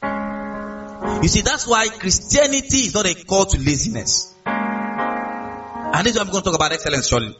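An animated Nigerian-accented man preaching, his voice fairly high and swinging widely in pitch. He sounds a little far from the mic on a dull recording, with a musical instrument clearly behind him. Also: normal speed, long pauses, over loud music. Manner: animated, call-and-response, acts out quotes. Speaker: pastor. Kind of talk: sermon.

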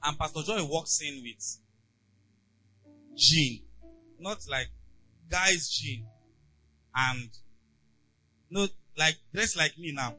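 Pastor guy preaching, bright voice, pitch jumps all over, soft music underneath. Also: lively intonation, takes it slowly, pauses often, rough recording. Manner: emphatic, rhetorical questions to the congregation, swings from soft to loud. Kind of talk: sermon.

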